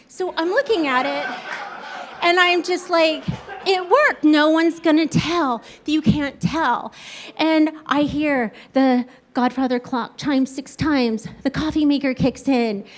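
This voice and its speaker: A woman telling a comic true story on stage, acting out the people in it and swinging between loud outbursts and hushed asides. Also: sits high. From Kansas, USA. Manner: animated, acts out quoted voices, swings between loud and hushed.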